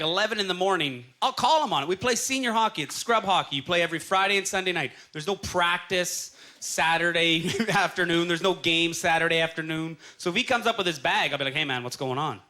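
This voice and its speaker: A Canadian man in his thirties performing a stand-up set, telling stories with quick acted-out quotes on a club stage. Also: sits high, expressive, sharp tone. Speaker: stand-up comedian. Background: faint audience laughter.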